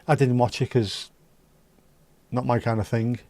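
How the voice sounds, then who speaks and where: The livestream host takes his time here, his medium-pitched voice level and a little mellow, with no echo. He reads viewer chat and answers with casual, sweary jokes.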